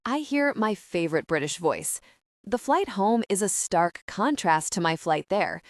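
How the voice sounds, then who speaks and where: A woman narrating a first-person romance audiobook with an expressive, upbeat delivery. Her pitch moves a lot while sitting in a middle range. The recording is dry and close with no room sound. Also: no room sound.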